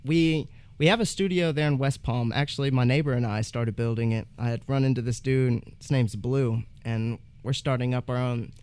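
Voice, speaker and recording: A man's voice: mid-range voice, normal speed, hardly any pauses, darkish tone, clear, resonant tone. Laid-back, blunt male rapper guest. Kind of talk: casual interview chat.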